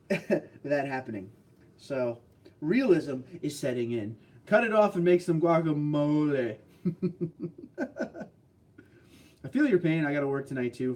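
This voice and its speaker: A man's voice: on the high side, a little mellow. A man hosting a casual livestream, reading out chat messages in a laid-back way, tired from little sleep but upbeat and chuckling often. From New Jersey, US. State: short on sleep.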